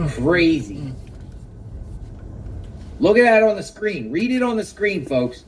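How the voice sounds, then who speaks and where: A man delivers live reaction commentary outdoors, slowly and emphatically, repeating every point for effect. His voice sits a little high. The mic is some way off, and faint outdoor noise and passing vehicles sit behind him. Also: sing-song, recorded from a distance, rough recording.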